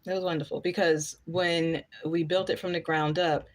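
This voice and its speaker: A woman's voice: deep voice, level tone, moderate pace. A woman, chatting casually on a live stream, reading out viewer comments and answering them bluntly.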